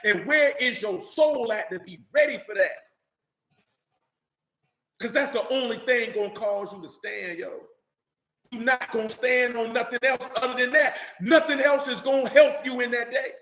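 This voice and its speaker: A man's voice: extremely high pitch, normal speed, fairly bright tone, reverberant. A man preaching a fiery sermon in blunt, profane street talk, hammering his points with repeated lines.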